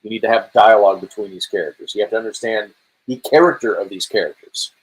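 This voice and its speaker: Guy with a husky voice chatting about games on a podcast, acts out quotes as he goes. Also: fairly low pitch, quick pace, rough recording. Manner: animated storytelling, acts out quotes. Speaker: podcast co-host. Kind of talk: casual chat about video games.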